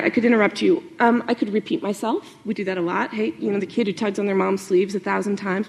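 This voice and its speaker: A woman journalist talks to a live audience about how news grabs attention. She is animated and chatty, with fillers and asides. Her mid-pitched voice has a gravelly fry at the ends of phrases. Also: a little fast, hardly any pauses. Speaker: journalist giving a talk. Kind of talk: conference talk to an audience.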